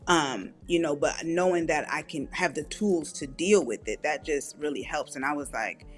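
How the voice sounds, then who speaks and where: A middle-aged woman, an author and podcast guest, telling candid personal stories in an animated way, acting out quoted voices and laughing often. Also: deep voice, moderate pace, soft background music. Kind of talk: candid conversational storytelling.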